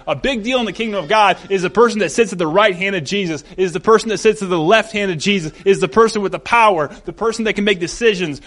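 A man's voice: sits high, fairly bright tone. A man preaching a conversational sermon, acting out the voices of the people he quotes.

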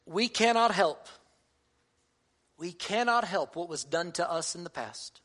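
A man's voice: high voice, lively intonation, a little slow, a bit bright. A man in his thirties, a pastor giving a sermon to fathers, earnest and conversational with touches of humor.

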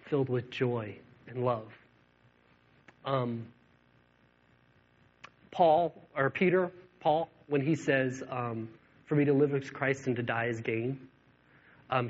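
A man preaching a sermon, telling stories with lots of ums and acting out the dialogue. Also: medium pitch. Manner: animated storytelling with acted-out dialogue, many fillers. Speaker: pastor. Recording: dull lo-fi sound.

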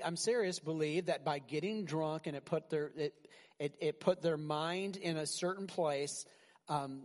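In a hall, a male pastor with a high voice delivers an animated sermon. His preaching is conversational and full of rhetorical questions.

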